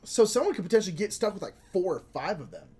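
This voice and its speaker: A man's voice: sits high, sing-song, quick pace, darkish tone, slightly rough. A man co-hosting a live board game stream, chatting casually, reading viewer comments aloud and explaining rules as he plays. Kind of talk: casual live-stream chat while playing.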